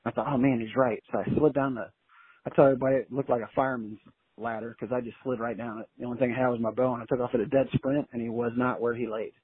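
A man telling a long story in a casual, colloquial and animated way as an interview guest, heard over a phone line. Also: medium pitch, fast, breathy edge, no room sound. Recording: tinny dry phone line.

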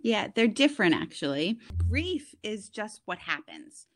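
A woman guest, a grief counselor, explaining things calmly in a podcast interview. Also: mid-range voice, unhurried.

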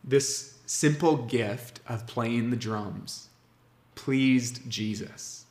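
A man in his thirties preaching a sermon as pastor, earnest and warm, slowing down with emphatic pauses on key words. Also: mid-range voice. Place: church sanctuary. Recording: echoey room.

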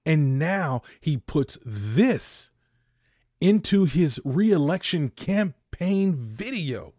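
A man's voice: a little high, very animated, drawn-out words, dark tone, no room sound, clean studio sound. A man in his fifties hosting a podcast, delivering a heated opinion monologue that repeats points for emphasis. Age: 50s. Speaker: podcast host.

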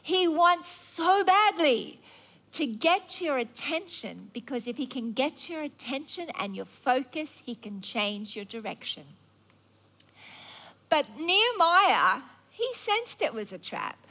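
A woman's voice: high-pitched, very animated, slow, pushed and bright. A woman preacher telling a Bible story in a sermon, conversational and wry.

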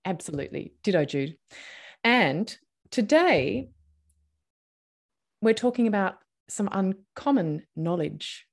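A woman's voice: medium pitch, sing-song, takes it slowly, pauses often. A woman hosting an interview show, upbeat and affirming as she guides the talk. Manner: upbeat, affirming, with frequent brief agreements. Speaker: podcast host and trauma coach. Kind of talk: friendly interview chat.

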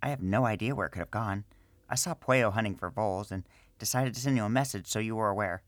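A man's voice: on the low side, fast, no echo, pitched above the performer's own voice, close to an everyday voice. A man voicing a caring older priestess reading out her letter, earnest and cautioning, in a storybook.

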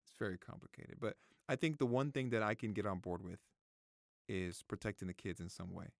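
Gravelly, emotional man talking to camera. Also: on the low side, fairly quick, dry recording, studio quality. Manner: emotional, swears freely, repeats phrases. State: close to tears. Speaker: vlogger. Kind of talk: casual opinion talk to camera.

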